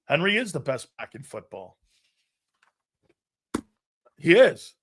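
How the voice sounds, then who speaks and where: A loud, brash man hosts a live sports talk show, answering his viewers and laughing as he goes. His voice sits a little high for a man. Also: slow, slightly rough. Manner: brash, loud and animated, often laughing at himself.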